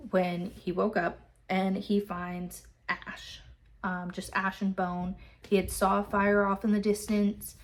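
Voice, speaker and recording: A woman casually recapping a book chapter, swearing freely. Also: medium pitch. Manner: loose, swearing, filler-heavy retelling. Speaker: book club host.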